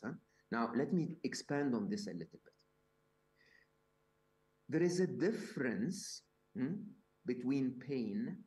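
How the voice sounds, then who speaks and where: A man's voice: medium pitch, a little mellow. Man, live summit talk, mid-range voice, conversational, fillers and restarts, rhetorical questions. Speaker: summit speaker. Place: event hall.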